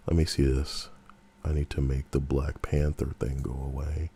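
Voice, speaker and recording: A man's voice: very deep voice, little pitch movement, moderate pace, dark tone, a little hiss or hum. A man hosting a live reaction stream, chatting casually and wryly and talking back to his viewers. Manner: wry, chatty, talks back to chat.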